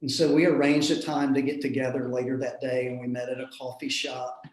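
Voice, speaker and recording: A man, a minister telling a personal story in an earnest, reflective way with soft chuckles. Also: mid-range voice, flat delivery, a little fast. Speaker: minister in a panel discussion. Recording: roomy echo.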